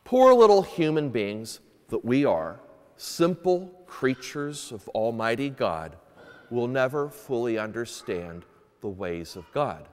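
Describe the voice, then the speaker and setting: A man's voice: mid-range voice, sing-song, slow. A man, a priest, reading the gospel and preaching a homily at Sunday mass, earnest and emphatic when he asks questions. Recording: echoey church with long reverb.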